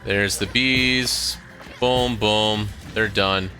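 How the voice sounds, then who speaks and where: A man giving casual, relaxed commentary while he plays a video game. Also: on the low side, soft background music. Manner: slow, relaxed, chatty. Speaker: gameplay host.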